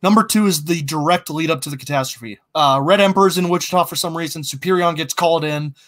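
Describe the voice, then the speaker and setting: A man's voice: a little high, fast talker, fairly bright tone. A man in casual brainstorming chat, thinking aloud with many ums and restarts. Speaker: co-host planning a fiction podcast.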